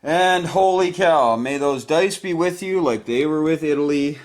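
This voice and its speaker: A man playing a board game at home and narrating each dice roll to his viewers, growing excited as the rolls go his way, recorded on his own camera. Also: on the high side, unhurried. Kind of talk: casual play-by-play of a board game. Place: home, indoors.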